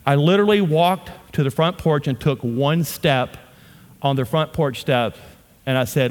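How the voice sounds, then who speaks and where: In a church auditorium with the long reverb of a big hall, a middle-aged pastor from Louisiana preaches humorously, telling stories and making playful asides to the audience. His voice is mid-range and his pace moderate.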